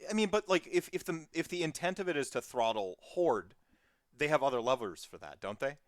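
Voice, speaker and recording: Rambling, animated podcast guest voice. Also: medium pitch, fairly quick, no echo, studio quality. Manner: rambling, animated, full of tangents and fillers. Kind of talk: casual podcast chat.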